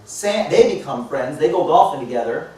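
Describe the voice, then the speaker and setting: A man's voice: fairly high pitch, moderate pace, slight background noise. Man telling a story in an echoey hall. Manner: lively, acts out dialogue in the story. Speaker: motivational speaker. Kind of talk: storytelling talk to a live audience. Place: large indoor hall. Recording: echoey hall picked up from far off.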